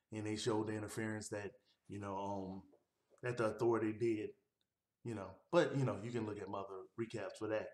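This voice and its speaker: A man giving a casual, rambling recap of a wrestling show, with easygoing delivery and frequent fillers. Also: fairly low pitch. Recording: roomy echo.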